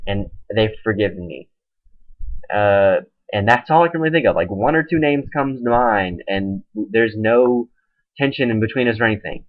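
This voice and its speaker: Young man ranting into a webcam. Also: fairly low pitch. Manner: exasperated, retells a quarrel in quoted back-and-forth. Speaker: webcam vlogger. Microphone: webcam microphone. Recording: dull lo-fi webcam audio.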